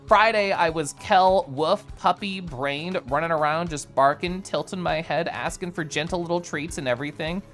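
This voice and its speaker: A man streaming live, chatting casually with his viewers and reading their messages in an animated, giggly way with playful swings in his voice. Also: fairly high pitch, moderate pace, hardly any pauses, faint music behind.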